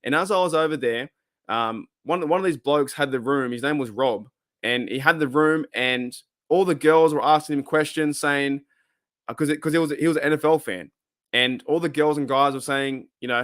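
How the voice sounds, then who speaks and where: A man's voice: medium pitch, normal speed, a bit bright, no room sound, clean studio sound. A middle-aged Australian man hosting a live podcast, telling a long rambling story full of slang, restarts and laughter. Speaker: podcast host.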